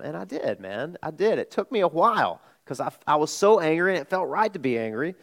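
A middle-aged man preaching a sermon, telling a personal story in a conversational way, jumping from loud asides to hushed admissions. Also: on the high side, very animated, fairly quick, vocal fry, few pauses. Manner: conversational, with restarts and sudden swings from loud to hushed. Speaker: pastor.

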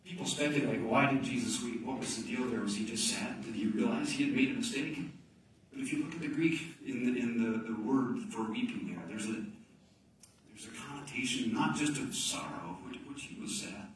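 A man's voice: medium pitch, moderate pace, slight background noise. Male pastor, distant mic in a very roomy hall, faint ambience; dynamic delivery dropping to near-whispers. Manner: dynamic, swings from loud emphasis to hushed near-whispers. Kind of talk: sermon.

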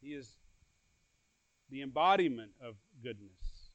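A man preaching a sermon earnestly. His voice swells louder and then drops soft, and he repeats phrases and restarts words as he goes. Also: mid-range voice, animated, measured pace, no room sound, dull audio. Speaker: pastor.

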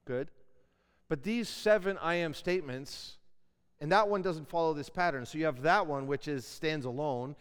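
A man's voice: a little high, moderate pace, clean tone. A man giving a classroom Bible lecture in a conversational way, putting questions to his students. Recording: long hall reverb.

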